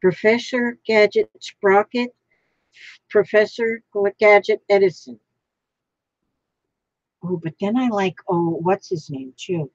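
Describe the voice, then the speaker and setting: A woman's voice: mid-range voice, slow pace, pauses often, no room sound, highs cut off. A woman vlogging while she crafts, thinking aloud in a rambling way, trying out names and chatting to the piece she is making.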